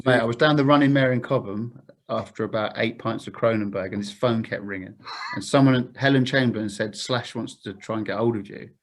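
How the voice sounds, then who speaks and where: Chatty bloke telling stories. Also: male voice, on the low side, fairly quick, a little hiss or hum. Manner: laddish, chatty, lots of fillers. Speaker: podcast guest. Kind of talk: casual storytelling.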